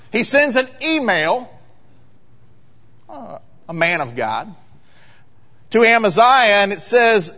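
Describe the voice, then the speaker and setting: High-voiced preaching man in a big hall. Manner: emphatic preaching, rising to loud peaks. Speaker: pastor. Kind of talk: sermon. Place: church sanctuary. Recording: long reverb of a large hall.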